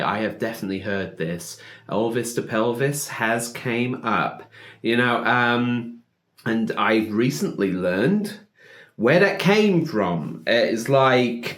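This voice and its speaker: A man reacting casually to an old interview, rambling and animated, often saying like and man. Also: mid-range voice, roomy sound. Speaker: reaction video host.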